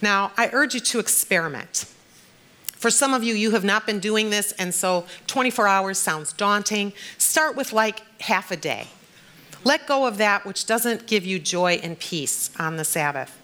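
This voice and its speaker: Bright-voiced woman pastor preaching. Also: medium pitch, animated, measured pace. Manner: warm, personal, gently encouraging preaching. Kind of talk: sermon and closing prayer.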